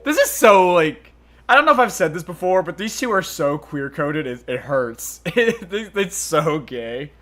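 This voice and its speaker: A man rambles through gameplay commentary with crude jokes and giggles, his pitch swinging lively. His tone is bright and forward. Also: a little slow, soft background music. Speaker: let's-play host.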